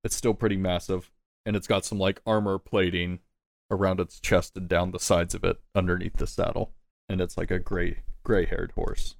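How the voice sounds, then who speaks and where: A man narrating as game master in a relaxed, descriptive, casual way. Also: low voice, moderate pace, vocal fry, dry recording, studio quality. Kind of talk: describing the scene in a tabletop game.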